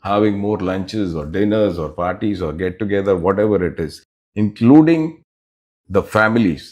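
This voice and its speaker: A middle-aged man speaks in a fairly low voice. He answers interview questions as a business leader, explaining his points in a measured way and pausing between phrases. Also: lively intonation, a little mellow, muffled recording. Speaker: business unit head, interview guest.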